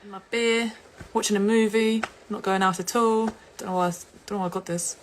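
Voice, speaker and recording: A woman's voice: medium pitch, fairly even intonation, brisk, a little hiss or hum. A young woman from England, chatting casually and giggling on an Instagram live stream. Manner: giggly and chatty, laughs often.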